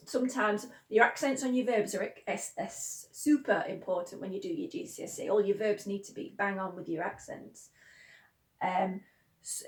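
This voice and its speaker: A woman teaching school pupils Spanish pronunciation, patiently chanting the sounds in rhythm. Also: medium pitch. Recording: echoey room.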